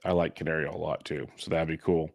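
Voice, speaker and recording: A man's voice: rumbling low, flat delivery, fast, vocal fry, no echo, studio quality. A man co-hosting a fantasy baseball podcast, talking casually and a bit sarcastically. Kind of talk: casual sports chat.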